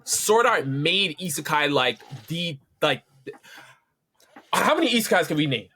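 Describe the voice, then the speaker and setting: A man co-hosting a podcast in casual chat, animated and slangy, repeating himself as he argues. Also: fairly high pitch, unhurried. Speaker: podcast co-host.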